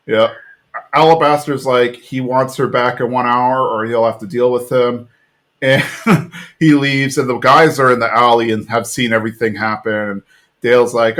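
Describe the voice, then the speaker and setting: A man hosting a podcast, recapping an episode in an animated, chatty way full of "like". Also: mid-range voice, moderate pace. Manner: animated storyteller, fillers like "like". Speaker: podcast host.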